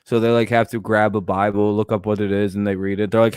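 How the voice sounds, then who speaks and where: A man's voice: on the low side, level tone, quick pace, a little mellow, clear, resonant tone, dry recording, clean studio sound. A man hosting a casual sports talk stream, rambling and joking with plenty of profanity. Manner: frequent fillers and restarts. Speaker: host.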